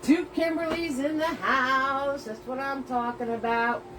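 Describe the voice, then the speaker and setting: A woman's voice: high voice, steady tone, a little slow, music in the background, low-quality recording. A woman hosting a live painting lesson. She chats cheerfully with viewers, greets each one by name with pet names, and laughs often between steps. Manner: playful made-up words.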